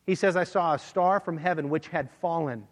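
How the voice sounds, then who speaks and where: A man's voice: fairly high pitch, moderate pace. A man preaching a sermon, teaching verse by verse and reading scripture aloud. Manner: expository Bible teaching, reads scripture aloud. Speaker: pastor. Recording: long hall reverb.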